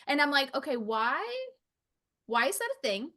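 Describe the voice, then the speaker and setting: A woman's voice: sits high, big pitch swings, normal speed, sharp tone. A woman hosting a faith podcast, chatting expressively, agreeing eagerly and laughing readily. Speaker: podcast host. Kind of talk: casual faith conversation.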